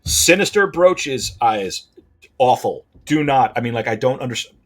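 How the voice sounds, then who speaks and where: Male gameplay commentator: casual, animated, self-correcting, husky voice. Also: mid-range voice, moderate pace.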